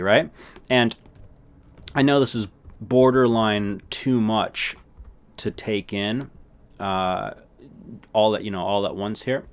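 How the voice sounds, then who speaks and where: A male language teacher with a low voice talks through a casual lesson. He speaks slowly and easily, repeating words for practice and often checking in with "right?".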